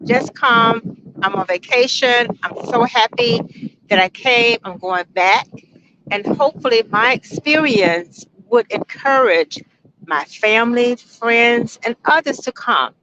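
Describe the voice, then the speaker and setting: A woman's voice: a little high, a bit bright, slight background noise. A woman in her sixties, a guest nearing retirement, speaks enthusiastically and emphatically about her visit. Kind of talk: casual testimonial. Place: outdoors on a beach. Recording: dull lo-fi outdoor recording.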